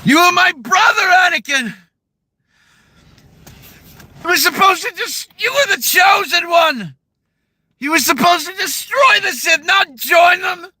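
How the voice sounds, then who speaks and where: A young Jedi knight screams up in a high, cracking register, his anguish spilling into every shouted word. The tone stays bright and gravelly, with a rough edge under it. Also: animated, a little slow, long pauses, exaggerated voice. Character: wailing young male Jedi knight, heartbroken.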